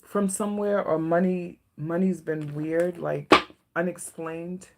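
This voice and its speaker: A woman giving a live-stream tarot reading, soft-spoken and emotional, often checking in with her viewers. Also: fairly low pitch, fairly even intonation, slow, heavy background noise. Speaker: tarot reader.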